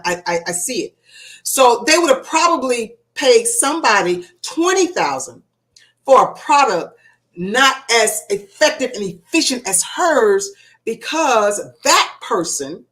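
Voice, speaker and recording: Animated woman coaching, storytelling style. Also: on the high side. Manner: animated storytelling, acts out quoted dialogue. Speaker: success coach and host. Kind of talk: casual livestream coaching talk.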